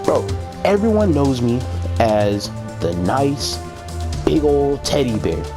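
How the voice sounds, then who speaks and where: Animated, dramatic male storyteller. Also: mid-range voice, slow, over music. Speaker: storytime vlogger.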